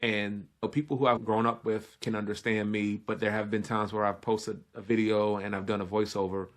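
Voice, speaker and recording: A man from Brooklyn with a New York accent, talking fast and energetically as a guest chef on a casual podcast. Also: fairly low pitch, level tone.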